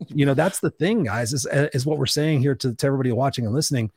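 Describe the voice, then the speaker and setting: A man's voice: medium pitch, fast talker, a little mellow, slightly rough, no echo, studio quality. A middle-aged man hosting a casual talk show, telling stories with eager energy and frequent restarts. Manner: enthusiastic storyteller, many restarts. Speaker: podcast host.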